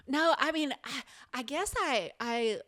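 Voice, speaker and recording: A woman's voice: high-pitched, expressive, takes it slowly, fairly bright tone, no echo, studio quality. Podcast guest, a woman with an easygoing, hesitant delivery in casual chat.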